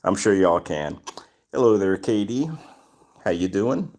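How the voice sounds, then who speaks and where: A man's voice: low voice, expressive, a little slow, a little mellow. A man hosting a casual livestream, greeting viewers by name and answering chat questions. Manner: reads chat names aloud and greets viewers. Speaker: livestream host.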